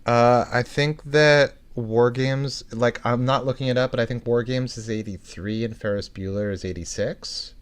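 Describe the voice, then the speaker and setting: A man's voice: medium pitch, steady tone, moderate pace, hardly any pauses, smooth. A man co-hosting a podcast, chatting casually about a TV episode with dry, jokey asides. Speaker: podcast co-host. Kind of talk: casual chat recapping a TV episode.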